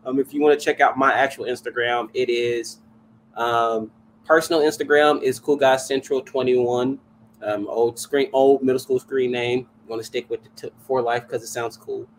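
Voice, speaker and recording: Man, podcast guest, casual chat, animated, laughs easily, faint background hiss. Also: medium pitch, normal speed, rough recording. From Louisville area, United States. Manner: animated, excitable, laughs and vents loudly.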